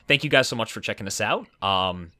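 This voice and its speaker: A man's voice: lowish voice, fairly quick, dry recording. A young man hosting a casual podcast, talking with lots of fillers and restarts. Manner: animated, many fillers and restarts. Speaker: podcast host.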